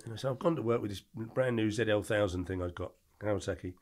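Gravelly, fast-talking middle-aged man; animated storyteller guest. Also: lowish voice. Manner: animated anecdotes with acted-out quotes. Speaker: podcast guest. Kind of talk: casual storytelling.

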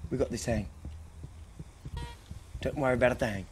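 A young man streaming games, commentating loudly and excitably as he plays. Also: medium pitch, moderate pace. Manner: excitable, yelling and hushing at the game. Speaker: gaming streamer. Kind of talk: live game commentary. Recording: noisy stream mic audio.

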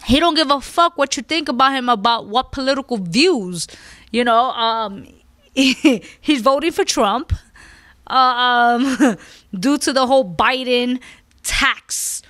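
Emphatic, profane woman host, higher voice. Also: slow pace, fairly bright tone, no room sound. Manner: emphatic, profane, repeats "you understand?". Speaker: podcast host. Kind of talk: casual opinionated chat.

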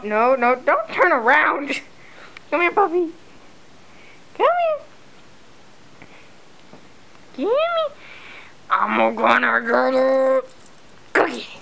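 A woman's voice: very high voice, vocal fry, fairly bright tone, rough recording. A woman filming her dog at home, talking to it in exaggerated sing-song baby talk.

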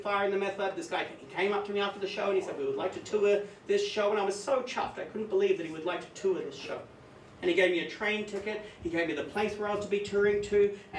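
A man with a high, bright voice tells an animated, profane story as a live stand-up comic. He is heard from a distance in an echoey club room. Faint room ambience sits underneath. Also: slight background noise. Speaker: stand-up comedian. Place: comedy club stage with audience.

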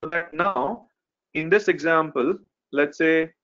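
A man's voice: on the high side, takes it slowly, a bit bright. A male instructor teaching a live online technical class, explaining step by step with frequent "okay" and "right". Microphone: video call. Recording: dull lo-fi call audio.

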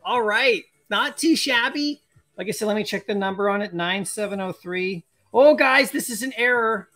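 Streamer host, excitable and chatty, bright forceful voice, mid pitch, faint music bed. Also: normal speed. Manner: excitable and chatty, laughs often. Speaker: live-stream host opening collectible card packs. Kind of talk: casual live-stream chat, reading viewer comments aloud.

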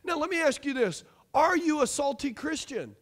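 A man pastor preaching a lively sermon with rhetorical questions, asides and jokes to his congregation. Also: very high voice, moderate pace.

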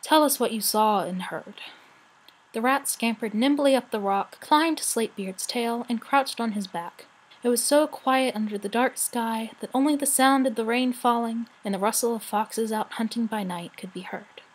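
A woman reading a children's fantasy novel aloud with expressive, measured narration. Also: fairly high pitch, low-quality recording.

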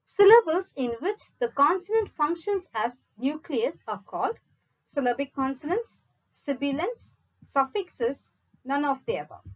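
A woman reads exam questions aloud in a measured, unhurried lesson, pausing through each option in turn. Her voice sits high and swings widely in pitch. The recording sounds a little muffled and lo-fi. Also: sing-song. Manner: measured, reads each option in a list then gives the answer. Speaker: teacher reading exam questions. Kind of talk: slow read-out quiz lesson.

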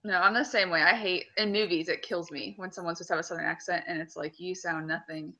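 A woman with a Kentucky accent joins a casual book chat, agreeable and easygoing. Her voice sits a little low but sounds bright. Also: steady tone, fast, dull audio.

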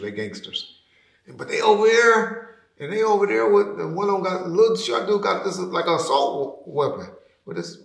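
Animated storytelling man in a roomy space. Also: on the high side, vocal fry. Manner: animated, acts out quotes loudly; slangy, drops to a mutter at ends of phrases. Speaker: interview guest. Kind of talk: storytelling in a casual interview. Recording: roomy echo.

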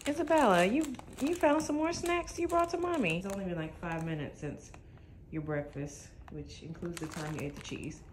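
A woman's voice: fairly low pitch, normal speed, slight background noise. A young mother filming a casual home vlog, chatting to her toddler in a doting sing-song way and laughing often. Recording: music playing under the voice.

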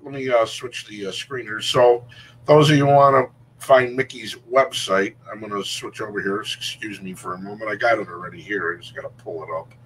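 Bright-voiced man hosting a chat show. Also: on the low side, brisk, slight background noise, poor audio. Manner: loose, chatty, self-interrupting. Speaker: host. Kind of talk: casual talk-show chat.

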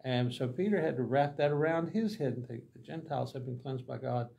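A man's voice: medium pitch, fairly quick, vocal fry, dark tone, lo-fi sound. A man, a pastor teaching a Bible class, telling folksy, humorous mission stories and acting out the dialogue. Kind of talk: anecdotal Bible lesson storytelling.

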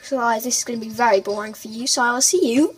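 A woman hosting a let's play, excitable, shrieking and chatting to the creatures on screen. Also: on the high side, quick pace, husky, rough recording. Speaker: gaming channel host.

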